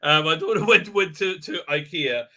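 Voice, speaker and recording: A man's voice: a little high, moderate pace, sharp tone. A middle-aged man hosting a live stream, rambling casually with lots of fillers and blunt jokes. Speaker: host.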